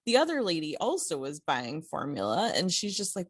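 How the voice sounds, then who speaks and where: A woman co-hosting a podcast, telling a story in a casual, animated way, with many fillers and restarts. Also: lowish voice, fairly quick, few pauses, no room sound, studio quality. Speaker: podcast co-host.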